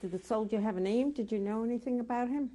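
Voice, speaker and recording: A woman's voice: fairly high pitch, fast talker, dark tone. A woman interviewing for an oral history, asking short, plain follow-up questions.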